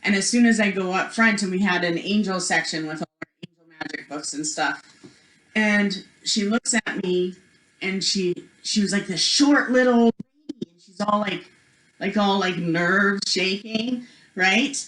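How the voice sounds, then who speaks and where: A woman's voice: medium pitch, a little slow, fairly bright tone. Woman telling her own story at a spiritual workshop, chatty, lots of "like", does little voices for people, echoey room. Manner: chatty, full of "like" and "you know". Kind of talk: personal storytelling.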